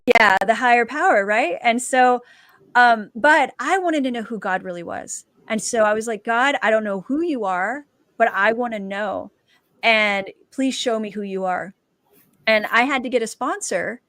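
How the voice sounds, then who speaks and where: A woman, a dancer and author, telling her personal testimony as a guest and lively acting out the quoted dialogue. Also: on the high side, normal speed, no room sound.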